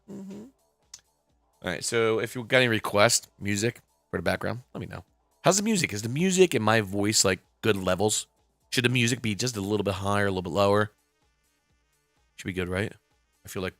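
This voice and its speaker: A reptile keeper in his forties rambles casually on his live stream, swearing now and then, his deep voice a bit bright. He's on a desk computer mic, the recording is dry, and faint music plays in the background.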